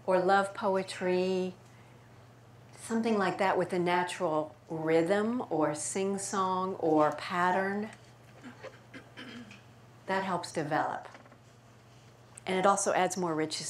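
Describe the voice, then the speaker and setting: A woman voice coach answering audience questions at a talk, lively and playful as she demonstrates speech patterns. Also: on the low side. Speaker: speaker and voice coach. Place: event room with audience. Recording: echoey room, faint noise.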